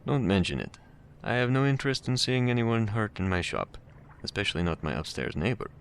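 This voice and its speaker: Man doing a low-voiced, courteous Russian neighbor for a game read-aloud, faint hiss behind. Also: animated, fairly quick, creaky. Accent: put-on Russian. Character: cultured Russian man, pleasant and polite.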